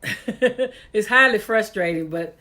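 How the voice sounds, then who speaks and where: A woman's voice: mid-range voice, takes it slowly, bright, forceful tone. A woman hosting a casual live-stream talk show, chatty, laughing often and exasperated at technical glitches, talking into a computer mic.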